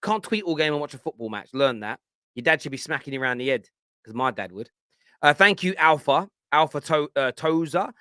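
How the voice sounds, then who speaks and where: A man in his forties with a London accent, hosting a football fan show with animated, blunt banter. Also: a little high, brisk, clean tone, dry recording, clean studio sound. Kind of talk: live chat show rant.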